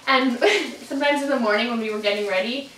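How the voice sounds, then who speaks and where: A woman's voice: a little high, a little fast, fairly bright tone, distant mic, slight background noise. A young woman vlogger chatting casually and telling stories with a lot of giggles and "like"s. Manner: giggly, storytelling, lots of "like". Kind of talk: casual chat. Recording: echoey room, off-mic.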